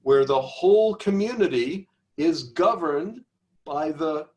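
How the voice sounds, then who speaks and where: A man's voice: a little high, expressive, slow pace, a little mellow. A man leading a seminar discussion, questioning students and coaxing them to restate ideas in their own words. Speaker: seminar tutor.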